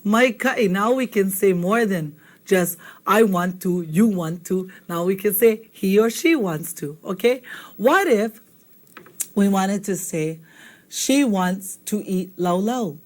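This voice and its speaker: A woman's voice: medium pitch, slow. Patient woman teaching a language lesson. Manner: patient, repetitive, checks in with "okay?". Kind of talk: classroom-style language lesson.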